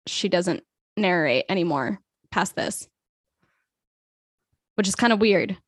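A woman's voice: on the low side, lively intonation, slow, no echo, clean studio sound. A woman in casual chat about a TV series who laughs easily and rambles.

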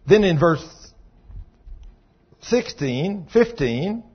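A man's voice: high voice, very animated, extremely slow, breathy edge, lo-fi sound. A man preaching a sermon, swinging into rising, emphatic exhortation as he urges his listeners on.

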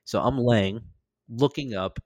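Animated, profane man telling a story. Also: mid-range voice, unhurried, no echo. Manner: animated, profane, acts out quoted lines. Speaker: podcast host. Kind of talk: casual storytelling.

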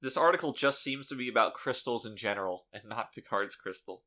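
A man's voice: mid-range voice, a little fast, bright, forceful tone. A man co-hosting a podcast in casual chat, talking with dry, sarcastic humor. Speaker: podcast co-host.

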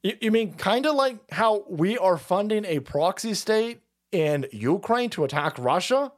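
Profane ranting man with lively pitch. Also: measured pace. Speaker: streamer. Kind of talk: political rant stream.

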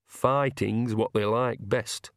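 A man's voice: medium pitch, fairly even intonation, takes it slowly, no room sound, studio quality. A man voicing an earthy, shameless old witch woman who talks in a blunt, bawdy, down-to-earth way, in an audiobook reading.

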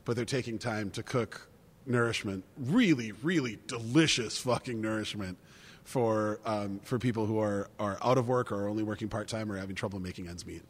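A man's voice: lowish voice, fairly even intonation, brisk. A man co-hosting a casual wine-tasting chat, rambling, swearing freely and laughing easily. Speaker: podcast co-host. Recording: long reverb.

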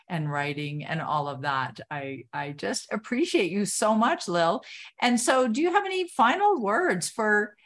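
A woman with a low voice hosts an interview. She speaks earnestly and warmly thanks her guest, building up her words of praise. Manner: affirming, earnest, appreciative. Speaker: podcast host. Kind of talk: interview hosting.

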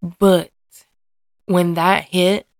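A woman with a low, gravelly voice talks openly on her personal podcast. She speaks earnestly and hesitantly, often stopping and restarting as she looks for words. The recording is close and dry, with no room sound. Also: level tone, extremely slow, no room sound. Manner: earnest and emotionally open. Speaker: podcast host and mother. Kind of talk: candid personal podcast monologue.

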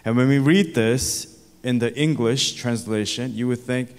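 A man's voice: medium pitch, a little slow. Male pastor, sermon, earnest repeating cadence, resonant voice, long church reverb. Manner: earnest, repetitive preaching cadence. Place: church sanctuary. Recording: echoey church hall.

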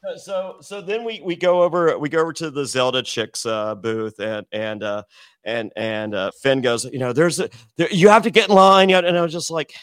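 A man's voice: medium pitch, normal speed, clear, resonant tone, no room sound, studio quality. A middle-aged man, a podcast guest, telling a long rambling story in casual chat, with many restarts, and acting out the voices of the people in it.

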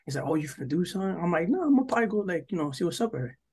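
A young man from New Jersey co-hosts a casual podcast and spins a long story in a meandering way. His voice sits a little high and has a husky grain. He swears often and plays out quoted lines with sudden jumps in his delivery. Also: big pitch swings, very fast, a little mellow. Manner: rambling, profane, full of "like" and "yo", acts out quoted lines. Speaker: podcast co-host.

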